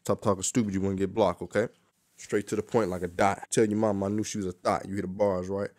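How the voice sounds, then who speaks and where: A man's voice: low voice, little pitch movement, fast talker, a little mellow, dry recording. A young man giving a casual, joking hair tutorial, cursing freely and talking in loose street slang. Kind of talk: casual how-to demonstration.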